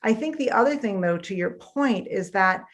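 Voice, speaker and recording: Animated woman guest telling stories. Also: medium pitch, moderate pace. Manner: animated storytelling, acts out quoted voices. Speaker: guest, author. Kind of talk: conversational interview.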